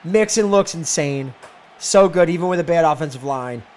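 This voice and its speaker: Young man, stream host, casual commentary, excitable, high voice. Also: normal speed. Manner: excitable, animated, bursts into shouts. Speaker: fantasy football show host.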